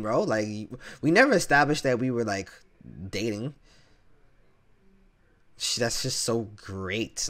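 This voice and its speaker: A man playing a chat game, reading the messages aloud and reacting in a slangy, animated way. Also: lowish voice, fairly quick. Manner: slangy and animated, reads chat lines aloud and reacts with sudden loud outbursts. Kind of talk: casual gameplay commentary. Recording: loud game music underneath. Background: loud game music, keyboard typing.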